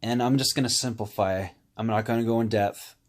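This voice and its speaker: A man telling a personal story in a candid, rambling way, pausing with "um" and "you know". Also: fairly low pitch, fairly even intonation. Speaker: vlogger.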